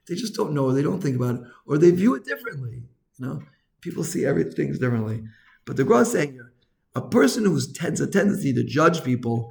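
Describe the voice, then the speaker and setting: A man teaching an informal Torah class as a rabbi, chatty, full of asides and lively retold quotes. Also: on the high side, gravelly.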